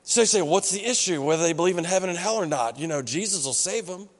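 High-voiced preaching man in a reverberant hall. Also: animated, fast. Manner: conversational preaching, acts out quoted voices. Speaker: pastor. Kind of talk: sermon. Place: church hall.

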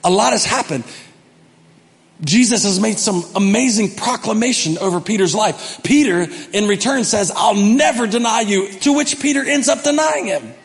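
A man preaching a sermon, acting out the story and swinging from quiet asides to shouted lines. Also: high voice, expressive, normal speed, in a large hall. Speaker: pastor.

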